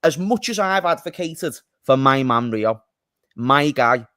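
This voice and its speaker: A man hosting a casual football talk show, chatty and quick to tease his co-hosts. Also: mid-range voice, expressive, bright, forceful tone, dry recording, studio quality. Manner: chatty, teasing banter. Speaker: podcast host.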